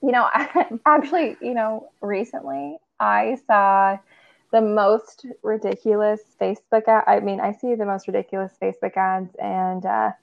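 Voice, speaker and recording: A woman's voice: medium pitch, steady tone, normal speed, creaky, dull audio. A woman co-hosting a casual podcast as a therapist, chatty, laughing often and using lots of fillers.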